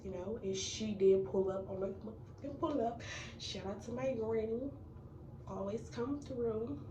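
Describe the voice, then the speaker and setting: A woman's voice: mid-range voice, a little slow. Chatty young woman in an echoey room. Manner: chatty, filler-heavy, addresses viewers as y'all. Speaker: vlogger. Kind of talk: casual storytime. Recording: echoey room, mic at a distance, noisy.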